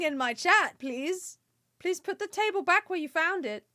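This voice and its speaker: A woman's voice: extremely high pitch, expressive, a little slow, sharp tone, no room sound. A young British woman chatting playfully through a game livestream, often giggling. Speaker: streamer. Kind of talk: casual game livestream chat.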